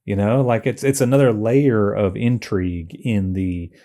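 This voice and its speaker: A man with a lowish, mellow voice talks through an old comic book with a co-host. He thinks aloud, circling back with fillers and small restarts. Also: fairly even intonation, measured pace. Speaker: podcast co-host. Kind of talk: casual chat about comics.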